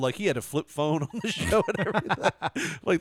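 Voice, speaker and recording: A man's voice: fairly high pitch, fast, a little hiss or hum. A man in casual podcast chat, telling stories and laughing often. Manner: laughs often, animated storytelling. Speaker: podcast co-host.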